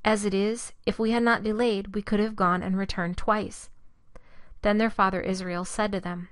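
Female scripture reader, mid pitch, steady measured delivery, dry booth sound. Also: smooth, no room sound.

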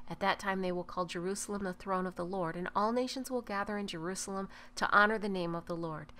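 A woman giving a measured, unhurried scripture reading. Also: on the low side, fairly bright tone, a little hiss or hum. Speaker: scripture reader.

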